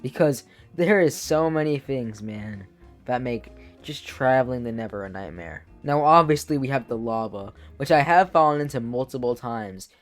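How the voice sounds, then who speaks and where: An animated man delivers casual game commentary, piling up exaggerated complaints. His voice sits in an ordinary middle pitch. Quiet background music runs under the talk. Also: normal speed. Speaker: gaming YouTuber.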